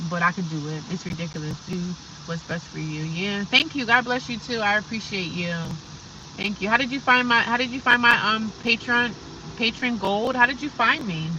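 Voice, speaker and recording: A woman's voice: a little high, a little fast, far from the mic, muffled recording, background noise. A woman chatting casually on a livestream from her car, rambling and talking straight to her viewers. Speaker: livestreaming vlogger. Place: inside a parked or slowly driving car.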